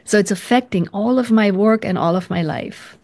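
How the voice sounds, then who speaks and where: A woman's voice: medium pitch, moderate pace, a little mellow. A woman guest in an interview, talking earnestly and reflectively, often restarting her sentences. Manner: earnest, searching, many restarts.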